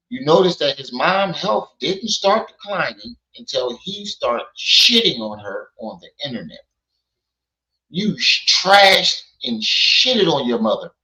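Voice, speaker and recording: A man's voice: a little high, pushed and bright. A man hosting a livestream, blunt and scolding, repeating himself and thanking donors. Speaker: livestream host. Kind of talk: livestream commentary. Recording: echoey, dull lo-fi sound.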